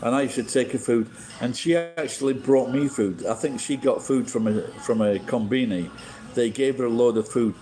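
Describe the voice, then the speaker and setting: A man's voice: mid-range voice, moderate pace, rough recording. A middle-aged man from England, hosting a rambling, casual livestream chat and swearing bluntly as he shares strong opinions. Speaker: livestream host.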